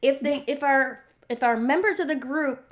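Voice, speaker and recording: A woman's voice: high voice, moderate pace. A woman co-hosting a casual chat show, upbeat and moving the show along. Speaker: podcast co-host.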